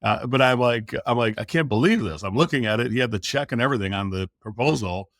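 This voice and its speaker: A middle-aged American man spins a lively story as a podcast guest, acting out every quoted line and swearing casually along the way. His voice sits in an ordinary male pitch and is recorded close and dry, with no room sound. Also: fast, no echo. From United States. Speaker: sales coach guest.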